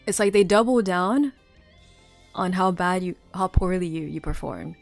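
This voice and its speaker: A woman's voice: on the low side, moderate pace, gravelly, no echo. A woman streamer chatting casually with viewers, rambling with lots of fillers and restarts. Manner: rambling, many fillers and restarts, laughs often. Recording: faint music underneath.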